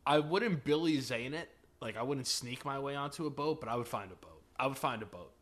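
A man co-hosting a comedy podcast at an ordinary middle pitch. He swears freely and pushes every claim to an extreme. The delivery is emphatic and casual, built for comic banter. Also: expressive, brisk, a bit bright. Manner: profane, emphatic, exaggerating. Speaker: podcast co-host.

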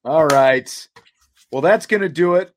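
A man's voice: a little high, unhurried, slight background noise. A middle-aged man from Kansas hosting a sports talk show, speaking casually and leaning on lots of "you know, like" fillers. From Kansas, USA.

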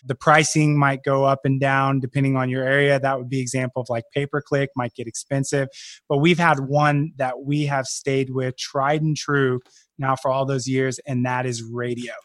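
A man's voice: mid-range voice, level tone, moderate pace, a bit bright, no echo. A man, a real estate investor and guest on a podcast, explaining his business in confident, structured points. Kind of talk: podcast interview.

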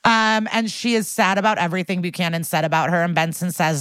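A woman co-hosts a podcast, recapping a TV episode in an easy, swear-heavy chat. Her voice sits fairly low and sounds close and dry. She is blunt and animated as she retells what happens. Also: normal speed, few pauses, no room sound. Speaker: podcast co-host.

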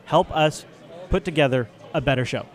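A man's voice: fairly high pitch, normal speed. A man hosting a podcast live from a tech convention, chatting loosely and joking around. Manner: joking, loose, laughs often. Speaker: podcast host. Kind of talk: casual live show banter.

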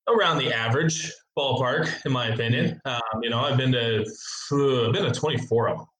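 Give me a joking guy on a sports podcast, mid-pitched, sounding roomy with faint background noise. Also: brisk. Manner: relaxed, chatty, joking. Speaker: podcast co-host. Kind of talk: casual sports podcast chat.

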